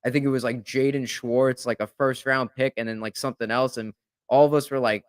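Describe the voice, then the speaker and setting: A man hosting a podcast, talking in a rambling, animated way with lots of fillers. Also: medium pitch, a little fast, clean tone, dry recording, studio quality. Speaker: podcast host. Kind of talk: casual chat.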